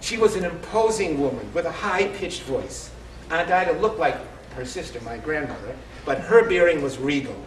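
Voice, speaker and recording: A man in his sixties with a fairly high, bright voice reads a comic family story at a live event in a store showroom. His delivery is wry and built around punchlines. The room echoes, the mic is distant, and there's slight background noise.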